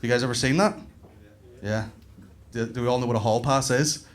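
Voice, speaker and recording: Man, Northern Irish accent, thirties, stand-up comedian, club stage, swearing, lively storytelling. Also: medium pitch, fairly quick.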